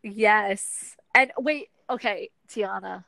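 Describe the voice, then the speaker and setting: A young woman co-hosting a casual chat, animated and chatty, swearing freely while she does chores. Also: mid-range voice, takes it slowly, creaky, no echo, poor audio. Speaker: podcast co-host.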